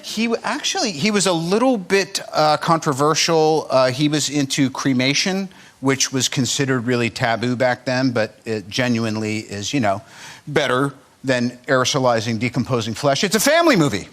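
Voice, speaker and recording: A male actor who is a guest on a talk show, talking in a relaxed, rambling way and dropping wry jokes. His voice sits at an ordinary middle pitch. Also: moderate pace.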